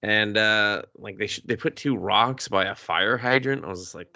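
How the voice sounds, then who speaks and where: Male podcast co-host, gravelly low voice, animated profane recapper. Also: fairly quick, few pauses, no room sound, dull audio. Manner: profane, animated retelling with put-on character voices. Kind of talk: casual movie review chat.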